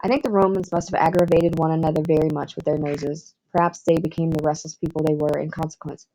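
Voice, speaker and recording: A woman with a Southern US accent reading a classic novel aloud in measured, expressive scripted narration. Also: low voice, rough recording. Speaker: audiobook narrator.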